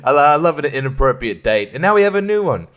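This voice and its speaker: A man's voice: on the high side, very animated, quick pace, fairly bright tone, smooth. A man hosting a solo podcast, rambling sarcastically, swearing a lot and laughing often. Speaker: podcast host.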